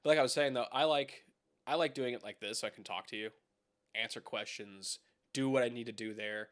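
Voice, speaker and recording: A young man chats loosely on a live stream from home, talking straight to his viewers. His voice is bright and forceful at a middle pitch, and he rambles, swears and laughs along the way. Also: brisk. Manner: rambling, swears, laughs often, talks to chat. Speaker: live-stream host reviewing keyboards. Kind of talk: casual live-stream chat.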